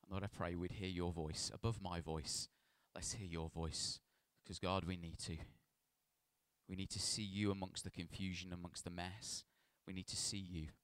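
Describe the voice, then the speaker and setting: Low, smooth-voiced pastor preaching. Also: male voice, steady tone, moderate pace, a bit bright, dry recording. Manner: conversational, self-deprecating storytelling with stumbles. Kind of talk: scripture reading and sermon.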